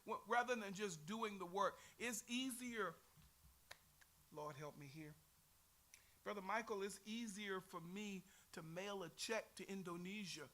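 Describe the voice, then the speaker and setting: A man's voice: high voice, sharp tone. A middle-aged man with a Texan accent teaching a Sunday Bible class in a folksy, earnest way, teasing his class now and then.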